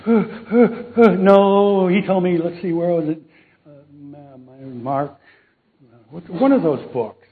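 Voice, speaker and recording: High-voiced man preaching a jokey sermon. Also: lively intonation, takes it slowly, long pauses. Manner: jokey, quizzes the congregation. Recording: tinny phone-like recording.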